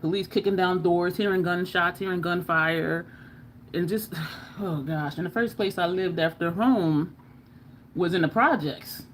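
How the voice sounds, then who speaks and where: A woman's voice: fairly low pitch, measured pace, slight background noise. An American woman hosting a beauty live stream, chatting in a rambling way and talking straight to her viewers as y'all. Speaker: beauty livestream host. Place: home makeup setup under bright lights.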